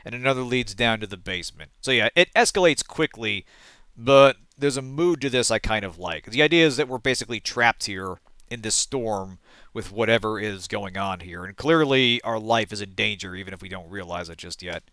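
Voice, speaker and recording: Bright-voiced man narrating a text adventure. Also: on the low side, normal speed, dry recording. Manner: thinks aloud, trails off and corrects himself. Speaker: let's play host. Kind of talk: casual game commentary, reading game text aloud.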